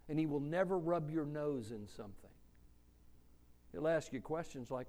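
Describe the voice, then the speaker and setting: A male preacher giving a sermon in a church, slow and conversational, asking the congregation questions. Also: a little high, animated, dark tone.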